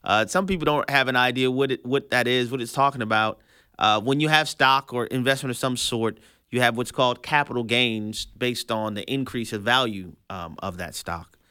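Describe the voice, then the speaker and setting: A man's voice: medium pitch, normal speed, pushed and bright, clean tone, no room sound, studio quality. A man hosting a radio talk show, casual and joking, often repeating and restarting his words. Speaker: radio host.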